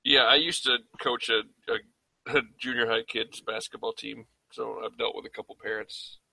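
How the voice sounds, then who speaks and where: Gravelly bright-voiced man, laughing often. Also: medium pitch, fairly even intonation, normal speed, no echo, poor audio. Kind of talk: casual chat.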